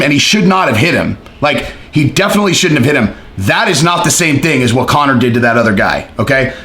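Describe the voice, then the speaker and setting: A man's voice: fairly high pitch, a bit bright, reverberant. A man hosting a casual commentary video, talking bluntly and profanely with lots of fillers and restarts. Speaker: commentary host.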